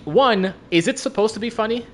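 A man's voice: high voice, fairly quick, a little hiss or hum. A young man in casual chat about video games, laid-back, swearing freely and repeating words as he talks.

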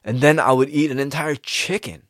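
A man, rambling in a casual, profane monologue with sudden jumps in pitch. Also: moderate pace, no room sound, studio quality.

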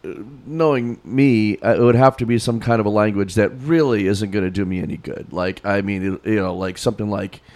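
A man's voice: on the low side, fairly even intonation, brisk, hardly any pauses, a little mellow. A man co-hosting a casual chat, rambling and laughing often as he talks. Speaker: podcast co-host.

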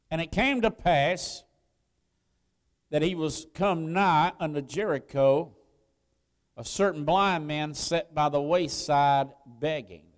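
High-pitched preacher guy, slow and clear, big hall echo behind him. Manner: preaching with rising emphasis, drawn-out stresses. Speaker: pastor. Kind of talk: sermon. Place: church sanctuary.

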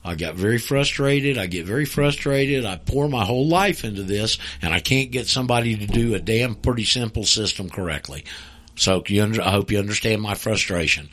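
A man's voice: fairly low pitch, lively intonation, brisk, a bit bright. A man hosting a call-in radio show, talking bluntly and emphatically in a folksy way.

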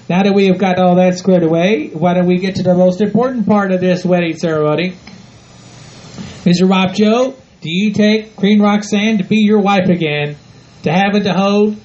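Man voicing a wedding officiant, high voice, hesitant, solemn, lo-fi sound. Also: normal speed, darkish tone, lightly acted. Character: folksy officiant at a ranch wedding. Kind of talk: comedic role-play podcast. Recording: dull lo-fi home recording.

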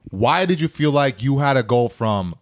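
A man's voice: mid-range voice, animated, moderate pace. A man arguing heatedly with his podcast co-host, swearing and repeating himself as he pushes his point.

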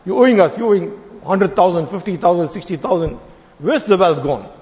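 A man preaching a sermon, telling a story and acting out the voices of its characters with lively animation. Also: high voice, brisk. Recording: long hall reverb, dull lo-fi sound.

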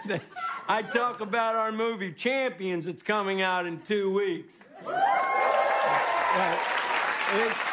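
Man from Texas, guest host. Slow, deadpan, rambling stand-up. High voice, loud audience laughter behind. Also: very noisy. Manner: rambling, deadpan, self-mocking. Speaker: comedy show guest host. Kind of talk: stand-up monologue. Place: stage before a live studio audience. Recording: roaring studio audience laughter.

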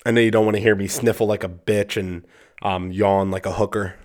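A man's voice: lowish voice, fairly even intonation, brisk, darkish tone. A man in his twenties co-hosting a podcast, rambling crudely and laughing a lot, tired and sniffly. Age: 20s. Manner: profane, rambling, laughs often. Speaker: podcast co-host. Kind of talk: crude casual podcast banter.

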